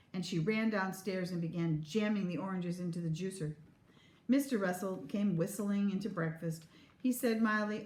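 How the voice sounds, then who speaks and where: A woman teacher reading a children's storybook aloud with a lively, expressive delivery. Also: mid-range voice, moderate pace. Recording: echoey room.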